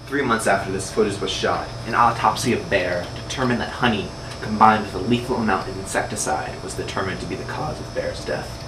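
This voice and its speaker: A man narrating a mock documentary in a flat, matter-of-fact manner, recorded from a distance in an echoey room with air conditioning humming. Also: lowish voice, a little fast, hardly any pauses, background noise.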